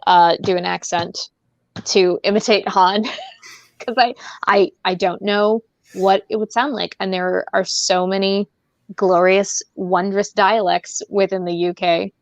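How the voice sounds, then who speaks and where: A woman's voice: mid-range voice, flat delivery, measured pace, creaky, dry recording, dull audio. Chatty woman podcast host. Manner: rambling, laughs often, many fillers. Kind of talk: casual podcast chat.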